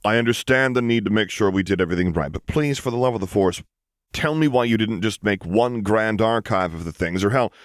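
A blunt second-in-command engineer, exasperated and flatly direct, as a man reading an audiobook voices them. The voice sits low and deep, and every word comes out dry and matter-of-fact. The recording is close and dead, with no room sound. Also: brisk, dry recording, lightly acted. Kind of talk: audiobook reading of fan fiction.

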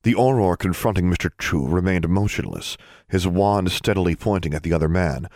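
Deep-voiced male audiobook narrator. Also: no echo, clean studio sound. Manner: steady, measured storytelling.

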